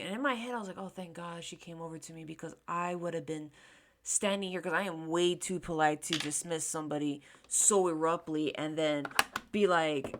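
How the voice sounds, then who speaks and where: A woman's voice: on the low side, normal speed. A woman in her thirties telling a casual storytime while doing her makeup, chatty and candid, swearing freely and acting out the people in her story. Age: 30s. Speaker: beauty vlogger.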